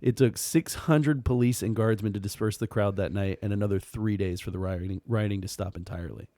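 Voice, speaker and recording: A man co-hosting a true-crime podcast, reading out the case in casual chat with dark, sarcastic humor, frequent laughter and swearing. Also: fairly low pitch, brisk, dry recording, clean studio sound.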